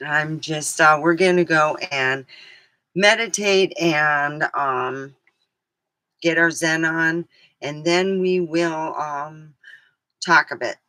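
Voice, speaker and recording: Slow, rambling woman vlogger. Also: low voice, bright, forceful tone, dry recording, poor audio. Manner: rambling, hesitant, loses her train of thought; soothing, slow guided relaxation. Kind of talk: casual chat and guided meditation.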